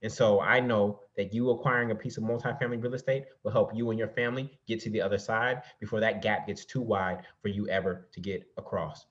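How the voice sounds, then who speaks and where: A man's voice: fairly low pitch, fairly even intonation, brisk, few pauses. A man coaching an audience on real estate investing in a motivational presentation, preaching and firing off rhetorical questions while calling them "y'all". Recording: slightly dull lo-fi recording.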